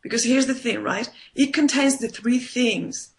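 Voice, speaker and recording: A woman's voice: a little high, measured pace. A woman life coach explaining her method in an interview, emphatic and repeating points for stress. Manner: emphatic, repeats points with "right?" and "you know". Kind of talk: conversational interview.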